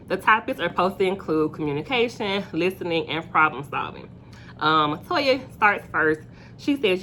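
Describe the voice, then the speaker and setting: A woman's voice: on the low side, fairly bright tone, slight background noise. A young woman casually recapping a reality show episode, chatty and opinionated, with plenty of fillers.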